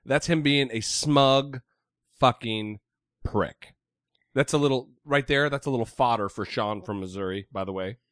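A man's voice: medium pitch, normal speed, a bit bright, no echo, studio quality. A man co-hosting a casual podcast, blunt and opinionated, swearing freely and firing off heated rhetorical questions. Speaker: podcast co-host.

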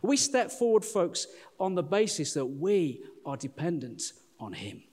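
A middle-aged man preaching a sermon, animated and chatty, often calling listeners "folks". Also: on the high side, unhurried. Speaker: pastor. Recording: long hall reverb.

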